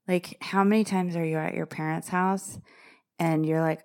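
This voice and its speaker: A woman's voice: on the low side, fairly even intonation, moderate pace. A woman in her forties hosting a podcast, chatting in a casual, self-mocking way and laughing often. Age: 40s. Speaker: podcast host. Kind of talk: casual solo podcast talk.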